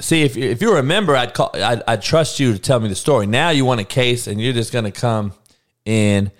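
A man's voice: mid-range voice, a little fast. A male livestream host ranting to his live chat, profane and rambling, with many restarts. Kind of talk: casual unscripted rant to a live chat.

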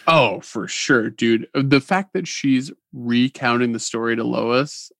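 A man talks through a TV episode with his co-host in an easygoing, conversational way. His voice has a gravelly edge, and it is recorded close and dry with no room sound around it. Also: medium pitch, takes it slowly, a bit bright, no echo. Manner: laid-back, conversational, gives scores. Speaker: podcast co-host. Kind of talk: casual chat reviewing a TV episode.

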